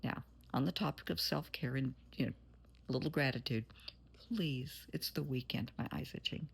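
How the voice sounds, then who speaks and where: A woman's voice: extremely low pitch, moderate pace, vocal fry, breathy edge. A woman therapist giving an earnest, motherly pep talk straight to her viewers, blunt at times. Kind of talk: encouraging direct-to-camera talk.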